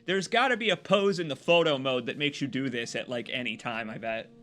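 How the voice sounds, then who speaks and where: A man streaming a video game, chatting casually with viewers and reacting excitedly. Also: brisk. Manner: excitable, swears freely, laughs loudly, jumps to high yelps.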